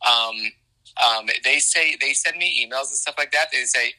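Bright-voiced, rambling Canadian-born man. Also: medium pitch, normal speed, low-quality recording. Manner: rambling, excitable, many fillers and restarts. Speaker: children's book author. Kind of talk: casual conversation.

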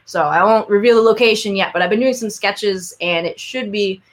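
A woman's voice: mid-range voice, a little fast. Young woman telling stories with a laugh. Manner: storytelling, self-deprecating, laughs often. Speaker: muralist guest. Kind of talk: casual interview.

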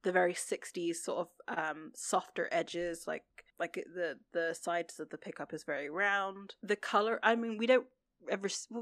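Low-voiced woman, dry close sound. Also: fairly bright tone, no echo. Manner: rambling, many fillers and restarts. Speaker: podcast co-host. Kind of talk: casual chat recapping a TV episode.

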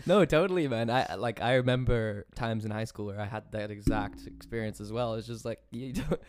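A man's voice: on the low side, a little fast. A man chatting casually and easily, tossing in words like dude and man. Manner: laid-back and chatty, says dude and man. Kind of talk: casual conversation.

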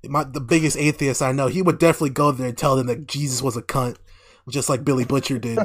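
Animated, foul-mouthed man recapping a show. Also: mid-range voice, quick pace, husky. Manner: animated, laughing, heavy swearing. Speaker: podcast co-host. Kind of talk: casual profane recap chat.

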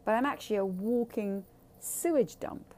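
A woman's voice: on the high side, normal speed, a little mellow, slight background noise. A woman speaking candidly in a blunt, profane and emphatic way. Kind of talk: candid casual talk.

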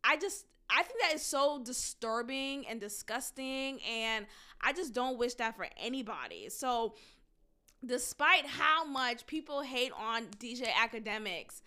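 A woman hosting a solo commentary podcast, talking in an emphatic, drawn-out, deliberate way. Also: fairly high pitch, sharp tone, clear, resonant tone. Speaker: podcast host.

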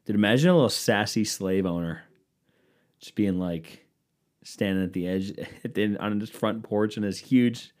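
A male podcast host riffing alone in a lowish voice. He rambles from tangent to tangent, swearing freely and poking fun at himself. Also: moderate pace, darkish tone. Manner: rambling, profane, self-mocking. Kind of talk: solo comedic podcast rant.

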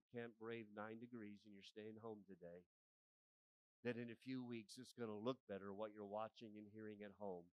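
A male pastor in his forties preaching a sermon, often asking the congregation for an amen and building to loud, emphatic peaks. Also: fairly low pitch, no echo, poor audio. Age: 40s.

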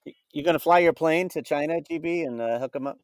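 Halting man asking questions, dry sound. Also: a little high, no room sound. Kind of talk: casual podcast chat.

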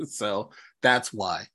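A man's voice: fairly low pitch, pushed and bright. A man from New York co-hosting a podcast in casual chat, rambling with many fillers. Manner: rambling, filler-heavy, restarts often. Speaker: podcast co-host.

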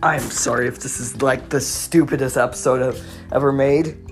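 A young woman rambling on her own podcast at home, stuttering and repeating words, self-mocking and bursting out loud between mumbles. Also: rumbling low, steady tone, normal speed, faint music behind. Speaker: podcast host. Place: home recording studio room with her dog.

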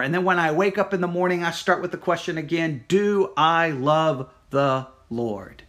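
A man giving a devotional sermon, earnest and searching, repeating his questions slowly. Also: on the high side, a bit bright. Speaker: pastor.

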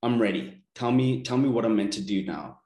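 A man's voice: fairly low pitch, expressive, fairly quick, a little mellow, reverberant. A man telling his personal story as a self-help coach, earnest and rambling, often restarting his sentences.

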